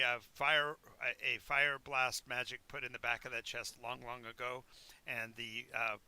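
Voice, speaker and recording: Male game master, bright and forward tone, chatty, stammering. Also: medium pitch. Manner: rambling, stammering asides. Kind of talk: narrating a tabletop game.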